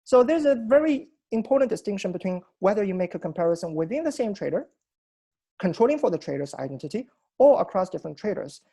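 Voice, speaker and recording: A man presenting at an academic seminar over a video call. His voice is gravelly, mellow and a little husky. He explains technical ideas methodically and often restarts his sentences. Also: high voice, big pitch swings, quick pace.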